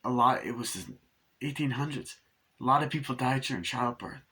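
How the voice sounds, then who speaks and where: A man's voice: mid-range voice, sharp tone, husky. Man doing a frightened captive writer. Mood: placating. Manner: pleading, halting. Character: injured, frightened male writer held captive. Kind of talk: retelling a film scene in character.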